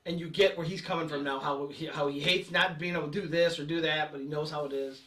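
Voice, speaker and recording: Man co-host, relaxed film chat, high bright tone, roomy distant mic. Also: quick pace. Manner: easygoing, hesitant with fillers. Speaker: podcast co-host. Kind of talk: casual movie review chat.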